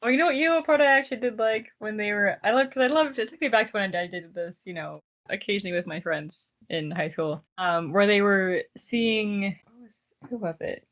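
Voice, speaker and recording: A woman's voice: medium pitch, fairly quick, few pauses, highs cut off. Giggly woman co-hosting a podcast. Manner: animated, acts out quotes, giggly. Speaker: podcast co-host. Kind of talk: casual chat reviewing a show.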